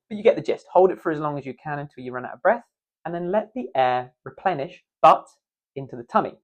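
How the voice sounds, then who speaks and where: A man teaching breath work for speaking, playful and demonstrative, with self-mocking asides. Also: on the high side. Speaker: voice coach. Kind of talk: instructional video.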